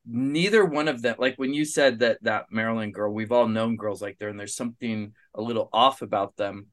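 A man's voice: mid-range voice, fairly quick. A man guest-hosting a horror film podcast, talking through his views in a casual, thinking-aloud way with restarts. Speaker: guest co-host, documentary director.

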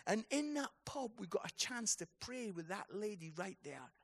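A man's voice: high voice, very animated, moderate pace, fairly bright tone. A man preaching at a conference, telling a story and building to a passionate call. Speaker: speaker. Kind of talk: conference sermon. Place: conference hall.

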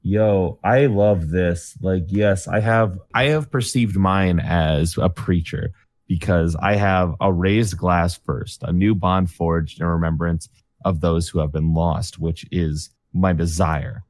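Deep and darkish, his voice takes things slowly with no echo as he chats on a voice call. He's a tabletop game player, excitedly talking through his character.

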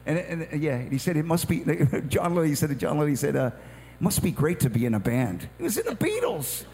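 A man with a gravelly voice chatting with enthusiasm, full of restarts and eager agreement. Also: a little high, sing-song, a little fast, a little mellow. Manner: enthusiastic, many yeahs and restarts. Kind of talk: casual chat. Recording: long hall reverb with faint hum.

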